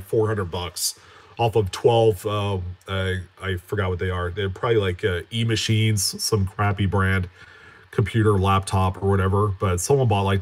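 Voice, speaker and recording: A man hosting a coin collecting channel in a casual live-stream chat, greeting viewers by name and answering them in a relaxed, rambling way. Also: on the low side. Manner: chatty, reads out and answers viewer names; relaxed, with frequent fillers and self-corrections.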